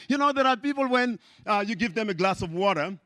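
High, bright-voiced passionate preacher. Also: male voice, dry recording. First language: not English. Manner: passionate, rising to shouts of praise; repeats phrases for emphasis. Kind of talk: sermon.

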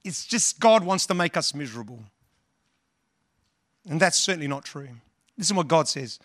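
Brief: male pastor delivering a sermon, earnest, repeats himself, bright and forward tone. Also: fairly high pitch, lively intonation, normal speed, long pauses, no echo, studio quality. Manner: earnest, repeats words, quotes scripture and hymns.

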